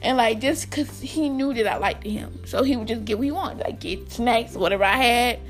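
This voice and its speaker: A woman's voice: on the high side, moderate pace, faint music behind. A young woman chatting to her viewers in a casual storytime vlog, talking to them directly and laughing often. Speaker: vlogger.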